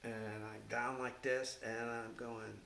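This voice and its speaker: Older man, former firefighter, oral-history storytelling, halting with fillers, echoey room. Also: mid-range voice, vocal fry. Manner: halting, with many fillers and restarts, animated when quoting others. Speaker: retired firefighter recounting his career. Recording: echoey room with faint hiss.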